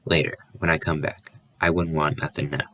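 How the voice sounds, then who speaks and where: A man voicing a weary, firm rural mother in an audiobook, with a soft country drawl. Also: extremely low pitch, flat delivery, moderate pace, no room sound, exaggerated voice. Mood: firm, hushed.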